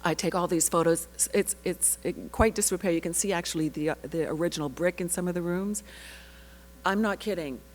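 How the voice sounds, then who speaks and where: An actress telling an animated personal story at a panel, laughing often and breaking off into asides. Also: female voice, fairly low pitch, a little fast, poor audio. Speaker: actress sharing her research story.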